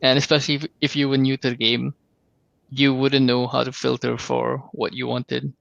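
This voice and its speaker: A man's voice: medium pitch, normal speed, creaky, no room sound, lo-fi sound. A man moderating a live community Q&A on a voice chat, reading out the questions and keeping things moving. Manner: steady, reads out questions and keeps things moving. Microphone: computer mic over online voice chat.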